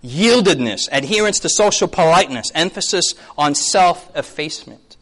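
Man in his thirties, pastor, sermon, high voice, bouncy delivery, quizzes the crowd. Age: 30s. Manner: animated, asks the audience yes or no, acts out quick voices. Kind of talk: lively sermon to a congregation.

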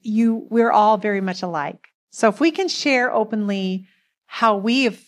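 A woman's voice: mid-range voice, measured pace. Middle-aged woman, chatty, laughs a lot while telling a story about her marriage. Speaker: co-host speaking about marriage. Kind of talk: casual storytelling talk.

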